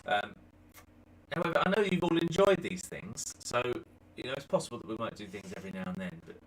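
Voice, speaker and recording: Man, middle-aged, co-host, casual teasing chat, lively up-and-down pitch, faint hum behind. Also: brisk, poor audio. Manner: chatty, teasing, joking. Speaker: co-host of a dance channel Q&A.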